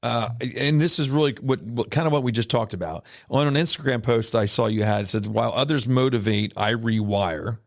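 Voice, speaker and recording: A man hosting a podcast interview, affirming his guest and asking questions with many pauses. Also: mid-range voice, vocal fry. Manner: affirming, halting with fillers. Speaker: podcast host.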